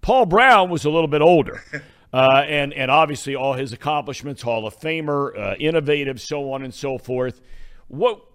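A man's voice: fairly high pitch, moderate pace, fairly bright tone, clean tone, no room sound. Man hosting a podcast, dry sound. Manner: rambling, restarting questions. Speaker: podcast host. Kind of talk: interview questions.

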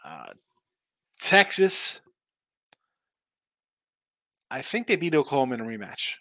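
A man's voice: medium pitch, huge pitch swings, slow, pushed and bright, no room sound. A man hosting a sports betting live stream, tired and yawning, rambling through picks and reading viewer chat aloud. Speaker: sports betting show host.

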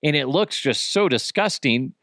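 A man's voice: on the high side, lively intonation, normal speed, fairly bright tone, no echo, studio quality. A man hosting a podcast in a casual, rambling monologue, joking and swearing as he talks. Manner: rambling, jokey, profane. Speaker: podcast host.

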